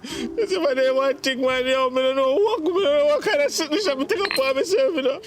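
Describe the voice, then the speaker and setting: A man's voice: very high-pitched, a little fast, slight background noise. A man with a Jamaican accent, playing a grown son in a comedy skit who pleads with his mother about his money. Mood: distraught. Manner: pleading, emotional.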